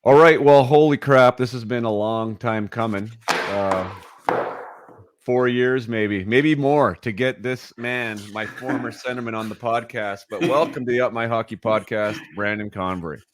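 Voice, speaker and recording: A man's voice: mid-range voice, unhurried, crowd noise. A man hosting a casual podcast interview, talking informally with frequent restarts. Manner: rambling, informal, with many restarts. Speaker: podcast host.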